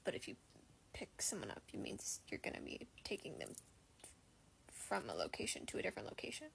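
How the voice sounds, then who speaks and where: A woman doing a stiff deadpan male angel for a comedic fan skit. The voice is pushed low and breathy, almost a whisper. Every line is flat and literal. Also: fairly quick, a little hiss or hum, exaggerated voice, low-quality recording.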